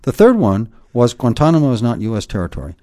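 A man's voice: medium pitch, very animated, fast talker, dark tone. A man explaining points emphatically in an interview, lecturing and often tagging points with "okay?". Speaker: guest expert.

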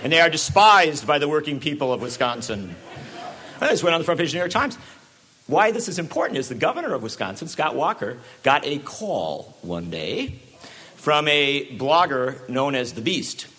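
A man with a slightly high voice gives a public talk at normal speed, delivering it in a sarcastic, animated way with frequent asides.

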